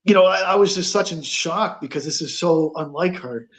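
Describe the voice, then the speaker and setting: A man telling a ghost story as a guest on a paranormal talk show, halting, with many fillers and restarts. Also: on the high side.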